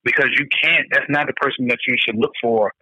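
A man's voice: medium pitch, fast, sharp tone, dry recording. A man co-hosting a casual podcast chat, ranting emphatically with a lot of profanity. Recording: dull lo-fi dry recording.

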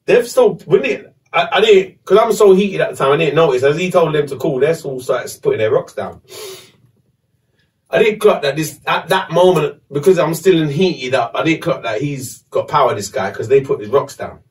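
Brief: man, podcast host, fairly high voice, animated, foul-mouthed storytelling, distant mic. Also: moderate pace. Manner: animated, swearing, slangy. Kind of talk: casual storytelling.

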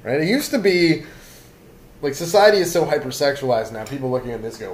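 A man's voice: mid-range voice, a little fast. Rambling comedy podcast host, male, loose and meandering delivery, faint hiss behind him. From Canada. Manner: loose, meandering, full of fillers and asides.

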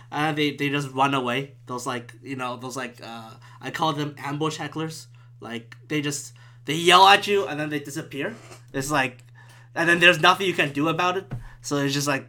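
A man's voice: a little high, a little fast, pushed and bright. A man, a former stand-up comic, ranting alone on his podcast at home in a profane, rambling, exasperated way. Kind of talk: solo podcast rant. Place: room at home with the window open.

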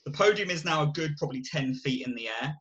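A man's voice: a little high, expressive, fast talker, crowd noise. A man co-hosting a podcast, recapping a film in casual, rambling chat full of restarts and acted-out bits. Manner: rambling, full of likes and restarts, acts out scenes. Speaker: podcast co-host.

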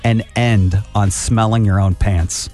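A man's voice: on the low side, steady tone, takes it slowly, a little mellow, soft background music. Playful male radio host. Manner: playful, jokey, does silly quoted voices. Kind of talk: casual showbiz news chat.

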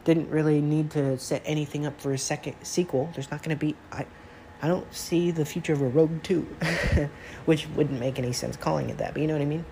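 A man's voice: fairly high pitch, fairly even intonation, a little fast, creaky, warm tone, a little hiss or hum, poor audio. A man hosting a casual gaming commentary monologue, rambling and conversational with many fillers and restarts.

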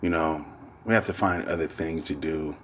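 A man's voice: extremely low pitch, fairly even intonation, normal speed, slight background noise. A man hosting his own podcast, talking in a loose, rambling, profane monologue full of slang, repeating filler phrases and laughing often. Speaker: podcast host. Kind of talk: casual solo podcast monologue.

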